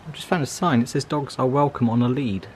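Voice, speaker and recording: Man co-host, dry and teasing, mid pitch, faint outdoor hiss behind. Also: fast talker, a little mellow, rough recording. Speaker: walking vlog co-host. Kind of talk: casual chat, reading signs aloud. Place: outdoors on a coastal walk.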